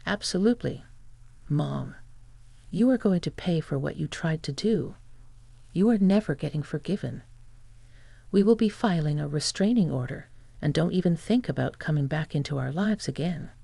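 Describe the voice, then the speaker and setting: A woman's voice: deep voice, expressive, normal speed, creaky, warm tone, no room sound, exaggerated voice. A woman voicing a furious grown son who scolds his mother in a stern voice.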